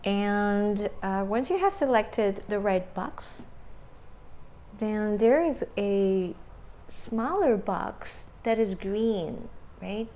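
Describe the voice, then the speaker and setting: A woman teaching an English grammar lesson, explaining slowly step by step and checking in with "right?". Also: mid-range voice, expressive, dark tone, a little hiss or hum. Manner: slow, deliberate explaining with frequent "right?" checks.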